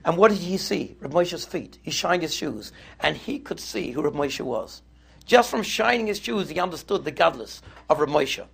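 Gravelly-voiced man telling a sermon story. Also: a little high, normal speed. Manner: animated, lively storytelling. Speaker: rabbi giving a Torah talk.

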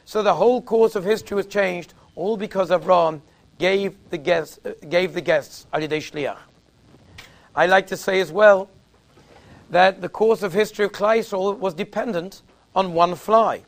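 A man's voice: high voice, normal speed. A man giving a sermon in a conversational, anecdotal storytelling way. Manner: conversational, anecdotal, uses Yiddish and Hebrew terms. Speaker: rabbi giving a talk.

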